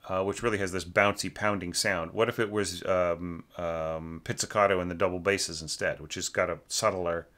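A man's voice: deep voice, fairly even intonation, normal speed, few pauses, fairly bright tone. A man giving a rambling spoken critique of a student's orchestral score, often asking "right?" and singing the parts aloud. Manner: rambling, fillers, sings motifs aloud. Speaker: orchestration teacher giving feedback.

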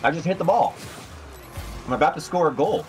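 A man's voice: on the high side, lively intonation, a little fast, darkish tone, soft background music. A man chatting casually during a game, laid-back and chuckling. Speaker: gamer. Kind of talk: casual gaming chat.

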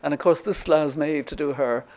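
A woman's voice: low-pitched, a little fast. Irish woman in her seventies, lecturing. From Ireland. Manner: warm storytelling, frequent ums and restarts. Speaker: guest speaker. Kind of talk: lecture with anecdote.

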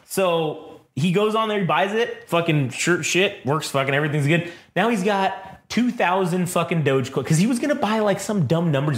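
Animated, ranting podcast co-host man. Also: high voice, moderate pace. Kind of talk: casual chat and storytelling. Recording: roomy echo.

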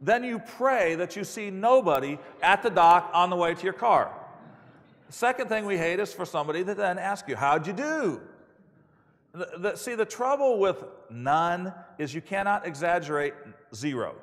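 A man preaching a sermon, telling stories in an animated way and acting out the quotes. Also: high voice, moderate pace. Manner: animated storytelling with acted-out quotes. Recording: long hall reverb.

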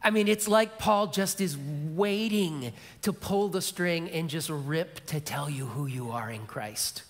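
A middle-aged male pastor preaching a sermon, telling stories and dropping to a soft, low voice for emphasis, with repeated key phrases. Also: measured pace. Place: large church sanctuary. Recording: long church hall reverb.

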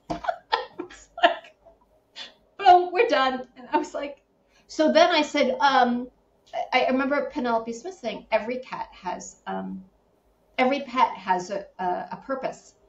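A middle-aged woman from Connecticut, a podcast guest, telling stories in a lively, animated way, acting out quoted voices and laughing often. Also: sits high, a little slow, pauses often. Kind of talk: casual interview storytelling. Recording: roomy, slightly dull sound, faint background hum.

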